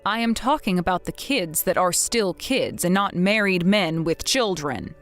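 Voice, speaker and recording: A woman's voice: on the low side, expressive, soft background music. A woman playing a stern, blunt older mother. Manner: measured, firm, scolding. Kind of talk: scripted text-message drama reading.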